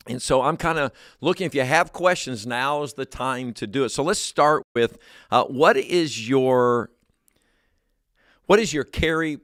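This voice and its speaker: A man's voice: mid-range voice, a bit bright, no echo. A man with a Texan accent who is a pastor, talking in a chatty, upbeat way on a church studio show.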